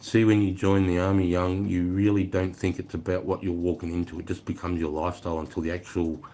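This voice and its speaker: A middle-aged Australian army veteran talking casually on a livestream, telling war stories in a blunt, profane, rambling way. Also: male voice, deep voice, flat delivery, fast, dark tone.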